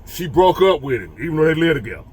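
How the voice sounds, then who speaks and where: A man's voice: fairly high pitch, sing-song, fast, slightly rough. A man telling a childhood story and turning it into preachy life advice for men, repeating phrases for emphasis. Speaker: motivational storyteller.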